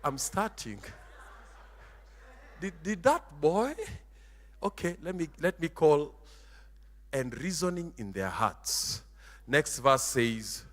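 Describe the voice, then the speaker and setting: A man preaching a sermon, emphatic and theatrical, dropping into Swahili, shouting and turning sing-song. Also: fairly high pitch, very animated, slow pace, pauses often, big-room sound. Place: church hall.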